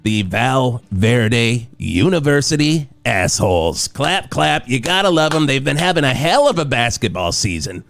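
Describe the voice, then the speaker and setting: A man's voice: medium pitch, very animated, measured pace, vocal fry, few pauses, a bit bright, no echo, exaggerated voice. An actor playing a goofy male morning rock radio DJ who jokes around and plugs the station. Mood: banter. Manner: jokey, trades quips, plugs station. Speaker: radio DJ co-host. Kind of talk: improvised comedy radio banter.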